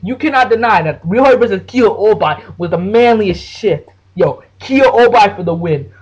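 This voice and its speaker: A man with a high, husky voice rants about his favorite anime battles. He talks casually and excitably, swears freely, and keeps restarting sentences. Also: moderate pace, dull audio. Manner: excitable, profane, full of slang and restarts. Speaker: anime reviewer. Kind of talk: casual anime rant to the camera.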